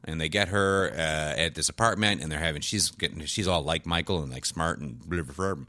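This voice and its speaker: A man's voice: low voice, fairly quick, sharp tone, dry recording, studio quality. A man casually recapping a TV show on a podcast, rambling, swearing and laughing often. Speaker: podcast co-host.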